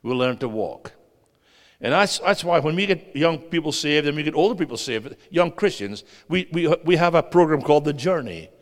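A man preaching a sermon as a guest preacher, animated, swinging between loud and hushed and putting questions to the audience. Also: on the high side, normal speed. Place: church hall. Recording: long hall reverb.

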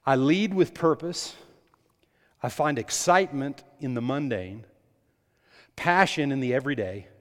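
A pastor preaching a sermon, emphatic and repetitive, building up in volume on key lines and dropping to quiet asides. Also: male voice, medium pitch. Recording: long hall reverb.

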